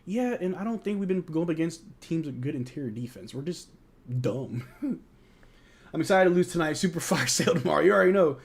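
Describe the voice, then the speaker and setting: A man's voice: a little high, lively intonation, fast, creaky. A young American man hosting a live game watch-along, reading out chat questions and reacting to plays as a frustrated fan in casual, slangy banter. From United States.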